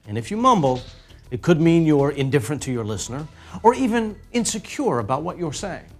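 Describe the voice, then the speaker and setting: Lively, playful male narrator. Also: fairly high pitch. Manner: lively, playful, theatrical emphasis. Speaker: narrator of an educational video. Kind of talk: scripted narration.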